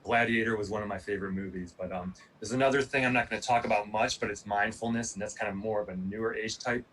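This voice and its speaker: A man in his forties, a former Olympic pole vaulter, giving a casual motivational talk in a rambling, animated storytelling way with lots of fillers. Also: lowish voice, quick pace. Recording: distant mic, faint room noise.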